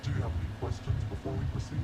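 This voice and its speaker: An actor voicing a mysterious masked agent in a game, with a muffled, breathy voice and a cryptic, formal way of speaking. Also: male voice, mid-range voice, steady tone, rapid-fire, over loud music, natural voice. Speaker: game character. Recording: loud game noise behind.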